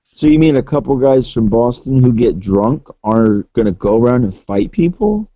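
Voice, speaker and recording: A man's voice: mid-range voice, lively intonation, normal speed, dry recording. A man on a panel call, cutting in with teasing questions. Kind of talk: casual call chat. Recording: dull, dry call audio.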